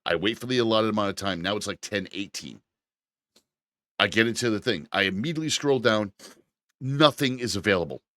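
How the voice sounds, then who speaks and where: Low-voiced man telling an exasperated story. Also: a little fast, dry recording. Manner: animated, exasperated storytelling with profanity. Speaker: podcast co-host. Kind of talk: casual chat.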